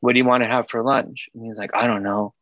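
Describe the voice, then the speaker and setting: A man tells a rambling, profane story about his son, breaking into laughter often. The sound is dry and close, a little dull. His pitch sits mid-range for a man. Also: steady tone, fast, no room sound. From Mexican-American household. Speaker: podcast co-host. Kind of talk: casual chat.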